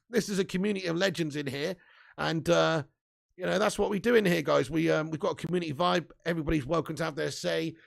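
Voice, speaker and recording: A man hosts a live fan stream in a high voice with a heavy gravelly rasp. He chats loosely with his viewers, reads out their comments, laughs a lot and swears casually. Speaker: football fan channel host.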